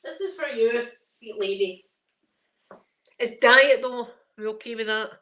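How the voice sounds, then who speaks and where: This ASMR channel host from Scotland walks viewers through her home on a handheld phone, chatting loosely and laughing a lot. She speaks unhurriedly in a fairly high, bright voice with a forceful edge.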